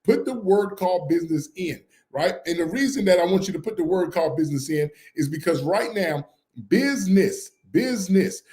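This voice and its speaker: A man co-hosting a podcast, teaching in an energetic, emphatic way and repeating his key points again and again. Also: sits high, normal speed, roomy sound. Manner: repetitive and emphatic, drills points over and over. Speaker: podcast co-host teaching business credit. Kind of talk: energetic live-stream teaching.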